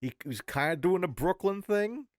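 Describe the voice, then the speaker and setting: A man's voice: high-pitched, animated, a little fast. A man co-hosting a podcast, chatting casually, rambling and searching for words as he goes. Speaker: co-host.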